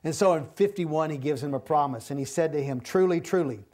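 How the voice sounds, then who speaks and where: High-voiced man teaching a Bible study. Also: fast. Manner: explains verses, acts out the speakers' lines, then closes in a quiet prayer.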